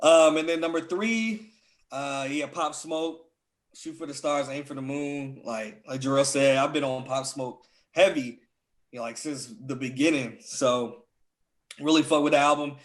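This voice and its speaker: A young man in easy podcast banter, talking loosely with lots of "like" and "dog". His voice sits a little high for a man, and he sounds keen on what he is saying. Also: steady tone, measured pace. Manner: loose, filler-heavy, enthusiastic about music. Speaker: podcast co-host. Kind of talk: casual chat.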